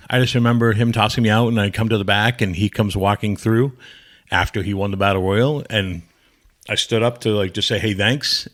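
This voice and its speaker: Low-voiced man telling blunt rambling stories. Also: a bit bright. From New England. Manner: rambling anecdotes, blunt and profane, acts out quoted lines. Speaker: podcast guest, former pro wrestler. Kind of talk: casual storytelling interview.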